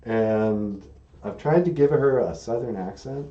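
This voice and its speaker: A man's voice: medium pitch, warm tone. A man hosting a casual live stream as a puppeteer, talking in a loose, rambling, self-deprecating way. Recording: echoey room, dull lo-fi sound.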